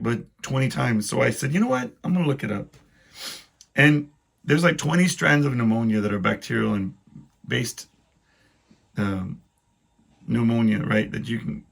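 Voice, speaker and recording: Man, podcast host, casual solo rant, gravelly, husky, rambling, wry. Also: medium pitch, a bit bright. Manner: rambling, self-deprecating, wry complaints.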